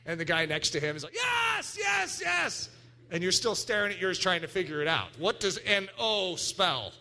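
Animated bright-voiced male preacher. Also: sits high, fairly quick. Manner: animated preaching with acted-out voices and sudden shouts. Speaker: pastor. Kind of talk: sermon.

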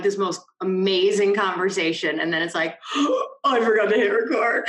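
A woman's voice: fairly low pitch, a bit bright, reverberant, rough recording. A woman hosting a podcast in casual chat, bubbly and self-mocking, full of fillers. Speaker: podcast host.

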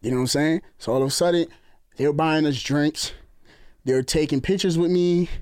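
A man from the New York area telling a long story in casual chat, animated and acting out other people's lines. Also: a little high, normal speed, smooth, no room sound, clean studio sound. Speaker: storyteller guest.

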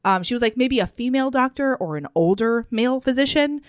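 A woman co-hosting a podcast, recapping a romance novel in casual chat, animated and profane, often laughing. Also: a little high, a little fast, smooth, no room sound, studio quality. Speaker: podcast co-host.

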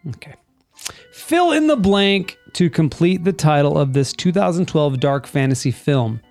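A man's voice: on the high side, expressive, moderate pace, a little mellow, no room sound. Guy co-hosting a chatty podcast, blunt, cusses a lot, reads trivia qs, music under it. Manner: blunt, swears freely, reads quiz questions. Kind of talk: casual chat among friends.

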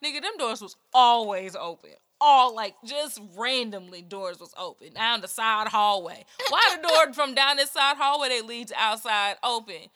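A woman's voice: fairly high pitch, animated, moderate pace, hardly any pauses, bright, forceful tone, no echo, clean studio sound. A young adult woman co-hosting a podcast, emphatic and profane, often groaning for effect. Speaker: podcast co-host. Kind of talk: casual chat.

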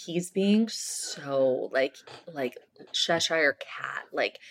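A woman co-hosting a casual chat podcast with a fairly low voice for a woman. She talks in a relaxed, agreeable way and keeps chiming in to build on her co-host's points. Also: very slow. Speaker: podcast co-host. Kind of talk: casual chat recapping a TV show.

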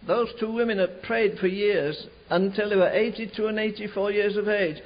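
A man preaching a sermon, telling a revival story in an animated way, slowing and rising for emphasis. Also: sits high. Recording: dull lo-fi recording.

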